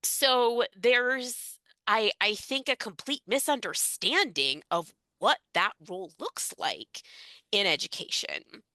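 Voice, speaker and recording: An animated woman interpreter in casual podcast talk, her voice bright and slightly high. She repeats points for emphasis and laughs easily. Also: takes it slowly, no echo. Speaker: guest, educational interpreter.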